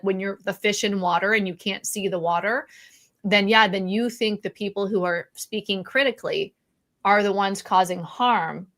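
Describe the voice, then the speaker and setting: A woman's voice: mid-range voice, fairly bright tone. A woman co-hosting a casual live-stream chat, speaking candidly, laughing often and restarting her sentences. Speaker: podcast co-host.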